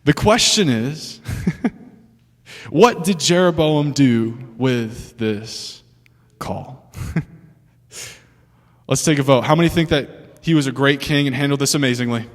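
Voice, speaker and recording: A young man preaching a sermon to a room, animated and chatty, with laughing asides and questions for the audience. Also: mid-range voice, slow, long pauses. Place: church hall with an audience. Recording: long hall reverb.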